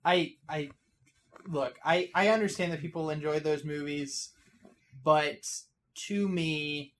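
A man's voice: a little high, a bit bright. A man co-hosting a casual podcast, talking through his opinions with many restarts and repeated words. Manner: hesitant, repeats words when giving opinions. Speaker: podcast co-host. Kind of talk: casual chat.

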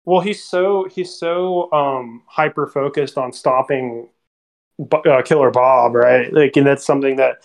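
A podcast co-host in a casual film discussion who talks in an animated way and acts out lines from scenes. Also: mid-range voice, a little slow, gravelly.

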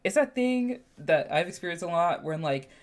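A woman hosting a podcast in casual chat, sassy and animated, her voice jumping up when she exclaims. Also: on the low side, normal speed. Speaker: podcast host.

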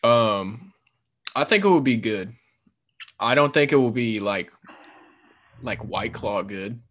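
A man's voice: mid-range voice, expressive, slow, fairly bright tone. A man co-hosting a podcast in loose casual chat, swearing often and filling his talk with "like" and "you know". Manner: loose and profane, lots of fillers. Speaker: podcast co-host.

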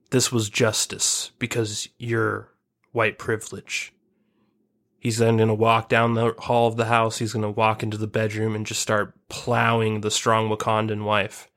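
A man's voice: lowish voice, fairly bright tone. A man co-hosting a podcast, spinning a long absurd comic story and acting out the people in it. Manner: spins absurd stories, acts out quoted characters. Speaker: podcast co-host. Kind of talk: casual comedic chat.

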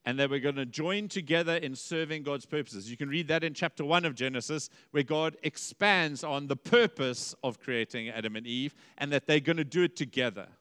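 A male pastor preaching a conversational, lively sermon, dipping to quiet emphasis and rising to exclamations. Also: a little high, a little fast, few pauses, clean tone, big-room sound.

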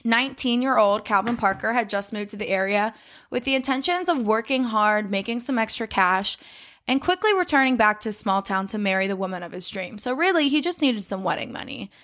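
A woman's voice: on the high side, lively intonation, a little fast, a bit bright. A young adult woman co-hosting a podcast, telling a story in casual chat with lots of fillers and some swearing. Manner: chatty, swearing, many "like" fillers. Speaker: podcast co-host.

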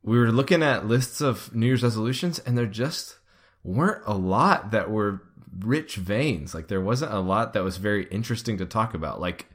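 A young man co-hosting a comedy podcast, slightly low in pitch, riffing with goofy, playful energy. He jokes around loosely and laughs easily between bits. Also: expressive, normal speed. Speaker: podcast host. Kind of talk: casual comedic podcast banter.

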